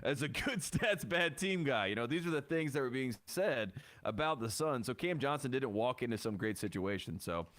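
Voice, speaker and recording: A man's voice: mid-range voice, lively intonation, normal speed, hardly any pauses, fairly bright tone. A man co-hosting a sports podcast, talking basketball in a loose, joking, chatty way. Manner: joking, rambling basketball banter with frequent laughs. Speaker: podcast co-host. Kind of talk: casual sports chat.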